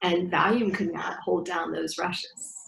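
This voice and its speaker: Brief: middle-aged woman breathwork teacher, lively storyteller, recorded in a reverberant room. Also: lowish voice, unhurried, creaky. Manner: animated storyteller acting out dialogue. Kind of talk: guiding breathing exercises in an interview. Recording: echoey room.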